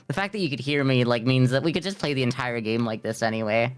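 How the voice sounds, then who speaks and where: A giggly, self-mocking streamer reads a dating game aloud and chats loosely between lines. The voice sits at a middling pitch, and faint music runs underneath. The talk is full of fillers and quick laughs. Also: smooth, no echo. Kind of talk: live game stream, reading and chatting.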